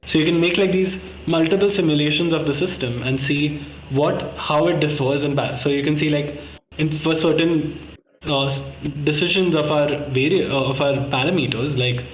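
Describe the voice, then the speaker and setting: A man's voice: on the high side, moderate pace, slight background noise. Chatty man on an echoey call. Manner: rambling, self-correcting, many fillers. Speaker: course participant presenting a model. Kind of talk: casual screen-share walkthrough.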